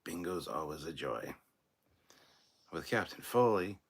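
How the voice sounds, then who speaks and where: A man's voice: deep voice, very animated, measured pace, breathy edge. A man in his forties hosting a live stream, chatting casually and joking as he reads viewer comments aloud. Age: 40s.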